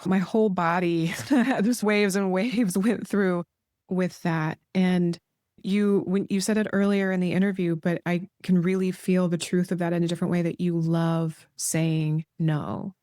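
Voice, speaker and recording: A woman hosting a podcast who answers her guest in a reflective, thoughtful way. Her voice is low and mellow. The sound is dry and close to the mic. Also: steady tone, unhurried, no room sound. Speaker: podcast host. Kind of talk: reflective interview talk.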